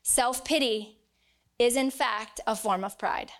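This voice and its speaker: A woman's voice: fairly high pitch, slow pace, a bit bright. A woman preaching a sermon to a congregation, earnest and emphatic, reading scripture aloud. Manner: earnest, emphatic, acts out quoted voices.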